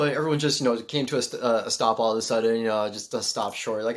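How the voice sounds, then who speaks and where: A man telling a personal story in a casual, rambling way, full of fillers and loud acted-out exclamations. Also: medium pitch, fairly even intonation, fast talker, hardly any pauses. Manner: acts out moments with loud shouted exclamations.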